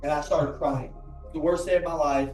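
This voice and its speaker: A man's voice: fairly high pitch, fairly even intonation, normal speed, darkish tone. A man giving an emotional motivational talk, earnest, repeating his lines for emphasis, before an audience in a large room. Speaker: motivational speaker. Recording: roomy, from a distance, faint music.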